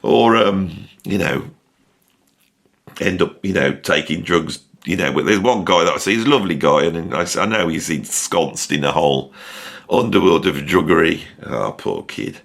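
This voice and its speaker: A man's voice: low voice, expressive, moderate pace, gravelly, a bit bright. A middle-aged man gives casual, opinionated commentary in a rambling way full of asides. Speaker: music commentator. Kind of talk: casual ranked-list commentary.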